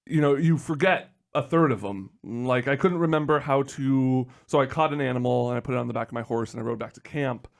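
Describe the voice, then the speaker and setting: A man's voice: medium pitch, a little fast, creaky, few pauses. A man co-hosting a podcast, telling a rambling story in casual chat with many fillers. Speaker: podcast co-host.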